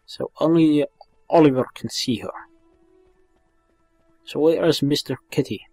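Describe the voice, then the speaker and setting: A man's voice: a little high, unhurried, vocal fry, warm tone, dry recording, faint music behind. Man doing an earnest young boy. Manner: earnest, questioning.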